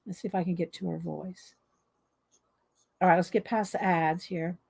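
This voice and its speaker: A woman's voice: lowish voice, steady tone, normal speed, vocal fry, a little mellow, breathy edge. A woman hosting a coloring video, casually telling rambling stories to her viewers with fillers and laughs. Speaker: adult coloring video host.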